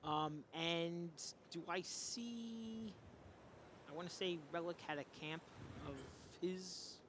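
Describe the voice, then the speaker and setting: A man playing a tabletop game speaks hesitantly, with plenty of "um"s and questions. His voice is fairly high for a man. A faint hiss sits behind the recording. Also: slow. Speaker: player.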